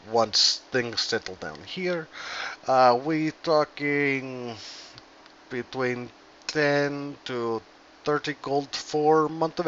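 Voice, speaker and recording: A man voicing Dorian, a gruff dwarf mine boss, in a put-on Russian accent and broken English. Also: medium pitch, fairly bright tone, highs cut off, a little hiss or hum. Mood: haggling.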